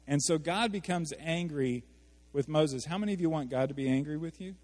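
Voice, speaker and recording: A man preaching a sermon as a pastor, animated, asking his congregation questions and acting out the quotes he reads. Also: on the high side, moderate pace. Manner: animated, asks the audience questions, acts out quotes. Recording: hall reverb.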